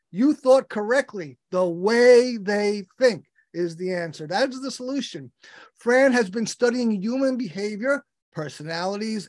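A man's voice: high-pitched, no room sound, studio quality. A man hosting an interview, enthusiastic and rambling, with many restarts as he introduces his guest. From United States. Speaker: podcast host.

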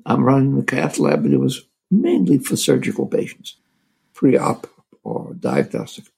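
An older man, a physician, telling a story from his career in a halting, casual way. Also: medium pitch, wildly swooping pitch, creaky, dark tone, breathy edge, rough recording. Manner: halting, full of restarts and fillers.

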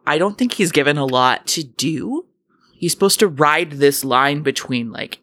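A co-host breaking down a film in a relaxed podcast chat, steady and analytical with a wry edge. The voice sits at a middle pitch and is recorded close and dry. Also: no echo. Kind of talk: casual film review chat.

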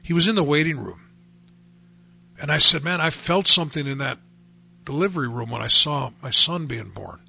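A man's voice: a little high, normal speed, creaky, long pauses, pushed and bright, breathy edge. A man telling his personal faith testimony in a conversational way, acting out the voices he quotes. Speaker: speaker sharing his testimony.

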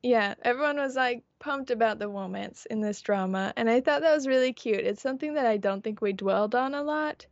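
A woman's voice: on the high side, fairly quick, few pauses, no echo, lo-fi sound. A woman co-hosting a podcast in casual chat, playful and laughing often. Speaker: podcast co-host.

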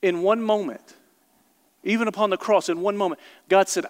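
A male pastor with a high voice preaches with passion, repeating and stressing his phrases as he speaks straight to the congregation. His sermon rings through a large church hall with a long reverb tail. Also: brisk.

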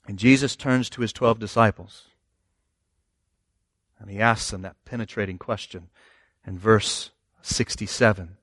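A man's voice: lowish voice, steady tone, unhurried, pauses often, fairly bright tone, no room sound, studio quality. A man pastor preaching a sermon in a conversational, emphatic way, often asking the listeners rhetorical questions.

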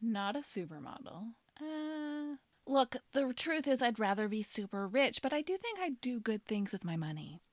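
A woman co-hosting a podcast in casual chat, playful and quick-witted, laughing often. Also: a little high, very animated, dry recording. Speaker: podcast co-host.

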